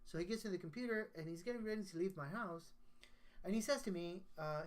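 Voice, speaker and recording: A man's voice: high-pitched, fast. A man, a guest songwriter, telling a personal story in casual conversation, earnest and emotional, often restarting his sentences.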